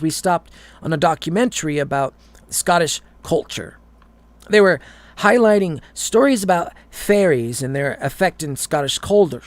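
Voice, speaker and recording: A man's voice: on the high side, dry recording. A man reading a horror story aloud, often stumbling and repeating words.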